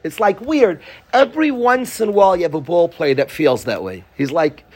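A man's voice: high voice, expressive, normal speed. A man teaching a Torah class to students, pleading and passionate, joking with them at times.

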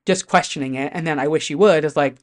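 A host chatting casually to camera about pop music, talking in an animated way with lots of fillers and some swearing. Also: medium pitch, fast talker.

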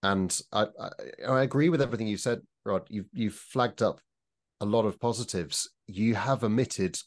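A man co-hosting a casual panel podcast, giving measured critical opinions with frequent restarts. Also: on the low side. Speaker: podcast co-host.

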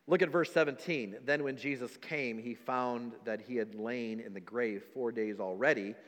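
Preaching in a large church hall, a pastor with a mid-range voice speaks at normal speed. He reads scripture aloud in old-fashioned language and acts out the doubting voices of the story's listeners.

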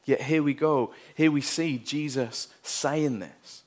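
A man's voice: medium pitch, slow pace. Guy preaching a sermon, earnest, gets intense reading scripture.

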